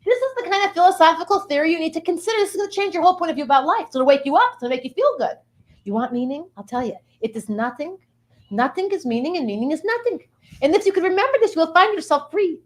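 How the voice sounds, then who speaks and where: Woman doing a high preachy Indian guru. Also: lively intonation, very fast. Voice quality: preachy, sweeping pronouncements. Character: Indian-accented guru preaching that everything is nothing. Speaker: comedic character performer. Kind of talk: improv comedy character.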